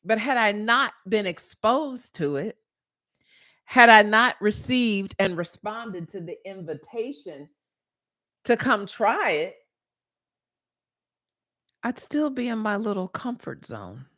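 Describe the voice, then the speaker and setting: A woman hosting her podcast, telling a personal story in a casual, motivational monologue and jumping into a high voice when she retells her own thoughts. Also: expressive, slow, long pauses, a bit bright, dry recording, clean studio sound. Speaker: podcast host.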